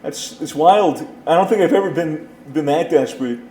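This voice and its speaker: A man's voice: a little high, normal speed, dark tone. A man from the United States, a guest in casual banter, joking bluntly and crudely. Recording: roomy echo.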